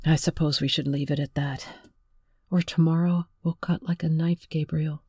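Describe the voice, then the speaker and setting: A narrator voicing a lonely, tearful young woman who speaks gently and pleadingly, in an audiobook reading. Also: low voice, steady tone, normal speed, slightly rough, no room sound, clean studio sound.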